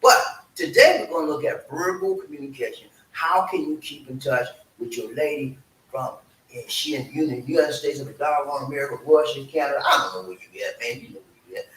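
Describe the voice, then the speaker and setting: A man hosts a casual livestream, folksy and animated, calling out to his viewers for answers. His voice is bright and forward. He sounds a little far from the mic in an echoey room, with a faint hiss behind him. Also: mid-range voice, fairly quick. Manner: lively, folksy, calls for audience response. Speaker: show host. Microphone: streaming setup.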